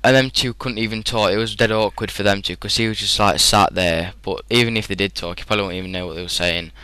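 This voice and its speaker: A teenage man with a British English accent rambles through a casual gaming commentary. His slightly low voice sounds bright and clean. The recording is dry and close, with no room echo. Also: steady tone, quick pace, clean tone. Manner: rambling, chatty, frequent fillers and laughs. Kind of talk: casual storytelling over gameplay.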